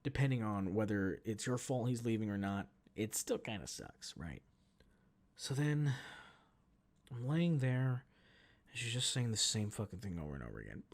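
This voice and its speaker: Gravelly, animated man telling a story. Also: lowish voice, unhurried. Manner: animated, profane, self-mocking. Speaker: podcast host. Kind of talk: casual storytelling rant.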